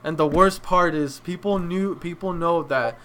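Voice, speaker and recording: A young man hosting an anime review, choked up and crying, talking in a heartfelt, halting way with many restarts. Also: fairly high pitch, pushed and bright. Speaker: anime reaction channel host. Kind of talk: emotional casual review.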